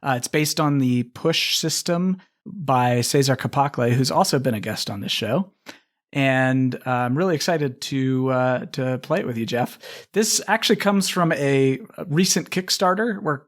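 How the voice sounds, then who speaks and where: A man talking about his tabletop game on a podcast in a friendly, relaxed way. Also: medium pitch. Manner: friendly, relaxed, mildly dramatic when reading. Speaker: podcast guest and game designer. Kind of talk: casual chat and reading an intro aloud.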